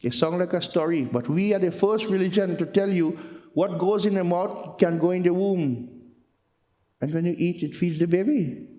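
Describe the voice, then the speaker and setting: Male storyteller-preacher, earnest, fairly high voice, reverberant hall. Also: normal speed, dark tone. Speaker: religious storyteller. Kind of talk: storytelling sermon. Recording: roomy hall with long echo.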